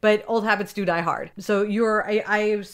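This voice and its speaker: A woman guest in a relaxed podcast conversation, speaking at a middling pitch that fits a typical voice. She is enthusiastic and talks in vivid metaphors, often restarting her sentences as ideas tumble out. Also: normal speed, clear, resonant tone. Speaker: podcast guest, business coach. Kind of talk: casual interview chat.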